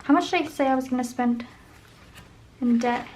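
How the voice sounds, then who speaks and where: A woman with a slightly high voice chats casually while planning her budget at home. She thinks aloud and sometimes murmurs the sums under her breath. A faint hiss sits under the recording. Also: normal speed, a little mellow, low-quality recording. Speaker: budget vlogger.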